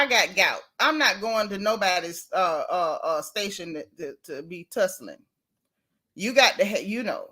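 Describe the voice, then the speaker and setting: A middle-aged woman, hosting a casual gossip livestream, animated and sassy as she reads out viewer comments. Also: mid-range voice, moderate pace. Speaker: livestream host.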